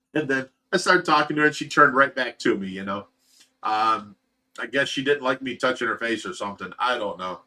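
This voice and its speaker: A man's voice: medium pitch, expressive, moderate pace, pauses often, pushed and bright. A man hosting a livestream, giving an earnest, emotional personal update in a rambling, casual way. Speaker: livestream host of a fish rescue.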